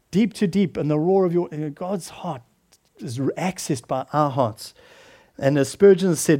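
A man's voice: high voice, moderate pace. A man preaching a sermon in an earnest way, often repeating words and restarting phrases.

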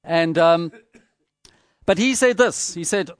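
A man preaching a sermon, measured and emphatic, repeating phrases for rhetorical effect. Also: sits high, no echo, studio quality.

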